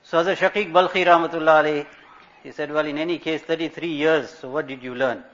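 In a slightly high, a bit bright voice with fairly even intonation, a man speaks fast while preaching as an Islamic scholar. His sermon relies on storytelling, rhetorical questions and Arabic religious terms. The audio is dull and lo-fi.

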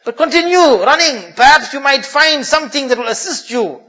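Preacher doing a weak old guy, sorry he cant help, high bright voice. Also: lively intonation, moderate pace, heavily acted. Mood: apologetic. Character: weak elderly man pleading helplessness.

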